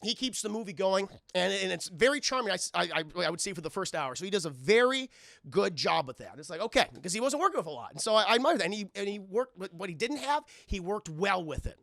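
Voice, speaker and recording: A man on a live stream giving a casual, profane, animated film recap and talking to his chat, at a desk microphone. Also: high voice, fast talker, vocal fry, no echo, clean studio sound.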